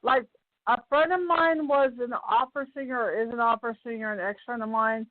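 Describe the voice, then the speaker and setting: A woman's voice: fairly high pitch, steady tone, brisk, dry recording. A woman in her sixties, a spiritual healer, calling into a talk show and speaking in a plain, matter-of-fact way. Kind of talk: casual call-in chat. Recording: tinny phone line.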